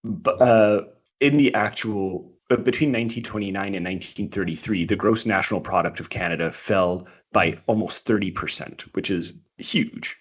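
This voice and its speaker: A man's voice: on the low side, moderate pace, husky. A man co-hosting a history podcast, explaining in casual chat, restarting often and tagging his points with "right?". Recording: dull lo-fi recording.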